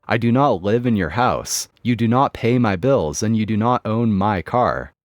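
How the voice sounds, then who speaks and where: A man's voice: fairly low pitch, expressive, moderate pace, dry recording, highs cut off, natural voice. Firm twenty-two-year-old daughter, read by a man. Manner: firm, exasperated. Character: angry young woman, twenty-two.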